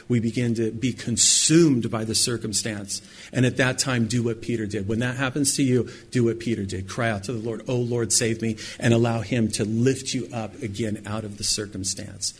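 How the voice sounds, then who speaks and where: A middle-aged man preaching a sermon, acting out quoted lines with sudden high, loud bursts. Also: slight background noise. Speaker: pastor.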